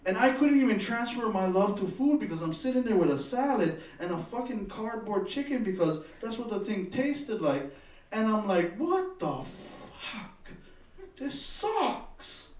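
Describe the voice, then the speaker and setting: A man telling a profane, animated story in a stand-up comedy set on a club stage. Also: high voice, roomy sound, recorded from a distance.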